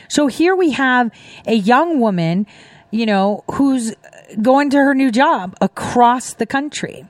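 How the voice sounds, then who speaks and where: A woman's voice: fairly high pitch, lively intonation, slow, no room sound. Middle aged woman hosting, chatty storyteller, dry close sound. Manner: chatty storytelling with laughing asides. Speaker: host. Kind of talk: casual commentary.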